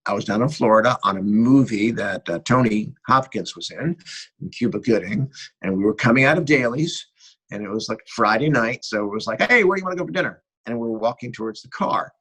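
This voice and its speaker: A middle-aged American man, a guest cinematographer, tells animated behind-the-scenes stories in a casual interview and acts out bits of dialogue. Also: fairly low pitch, a little fast, slightly rough, low-quality recording. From United States. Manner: animated anecdotal storyteller who acts out dialogue.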